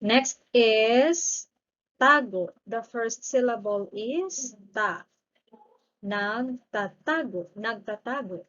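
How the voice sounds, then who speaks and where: A woman's voice: a little high, animated, takes it slowly, a bit bright, dull audio. A woman teaching a grammar lesson, patiently repeating each word twice. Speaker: language teacher. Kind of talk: grammar lesson with slow drilled repetition.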